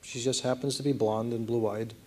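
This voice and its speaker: A man in his thirties, a guest in an on-stage conference interview, telling a personal story earnestly and haltingly, with many restarts. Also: medium pitch, fairly even intonation, a little mellow.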